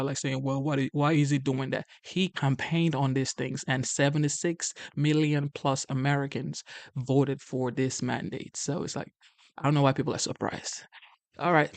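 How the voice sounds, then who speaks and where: A man's voice: medium pitch, dry recording. A man giving casual, conversational commentary before a clip, with hesitant fillers. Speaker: vlogger introducing a clip.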